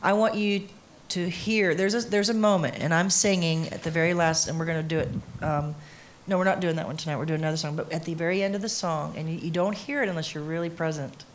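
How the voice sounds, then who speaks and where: Middle-aged woman, singer as panel guest, emphatic storyteller, lowish voice. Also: fast, slight background noise. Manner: emphatic, animated storyteller who acts out quotes. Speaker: interviewee, singer. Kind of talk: candid conversation on a panel. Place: conference stage before an audience.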